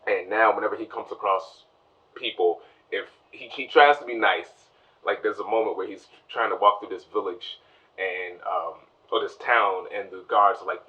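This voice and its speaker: A man's voice: lowish voice, steady tone, distant mic, lo-fi sound. A man giving a casual spoiler review of a TV show, rambling through the plot and acting out the characters' lines. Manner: rambling recap, acts out characters' lines in quick voices.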